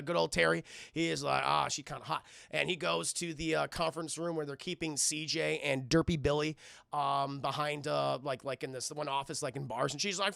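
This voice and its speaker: A man's voice: a little high, creaky, dry recording, clean studio sound. A man casually recapping a film for his live chat, animatedly acting out the characters' lines as he goes. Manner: animated, acts out characters' lines in quick impressions. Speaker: streamer reviewing a film.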